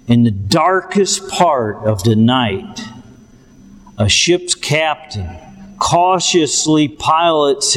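A man telling a story as a sermon, slow and deliberate, asking his audience questions. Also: a little high, big-room sound.

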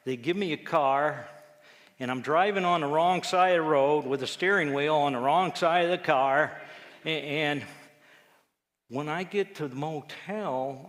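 A man, a lay preacher telling a personal testimony story, acting out quotes with lively jumps in his voice. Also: a little high. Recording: echoey hall with long reverb.

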